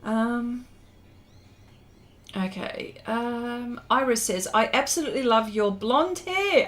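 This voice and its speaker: A middle-aged woman with an Australian accent, hosting a livestream and reading out viewer comments. She talks in an unhurried, chatty way, slightly high-pitched, with lots of fillers and frequent laughs. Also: lively intonation, fairly bright tone. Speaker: art livestream host. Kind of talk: casual chat reading viewer comments while drawing.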